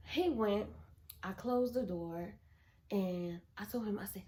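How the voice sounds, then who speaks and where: A young adult woman telling a storytime in casual chat, animated and blunt, swearing freely as she goes. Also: mid-range voice, slow pace. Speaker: vlogger.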